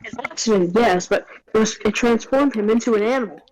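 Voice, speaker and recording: A woman's voice: on the high side, a little fast, a little mellow, lightly acted, rough recording. A woman voicing a bumbling, good-natured male detective in a funny put-on voice for a game fan dub. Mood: explaining.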